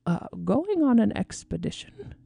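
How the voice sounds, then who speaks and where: A woman voicing a cheerful, slow-witted male teddy bear who talks earnestly and sings little songs. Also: on the low side, creaky, mellow, slightly rough, no echo, exaggerated voice. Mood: eager. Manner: humming, singsong, simple and earnest.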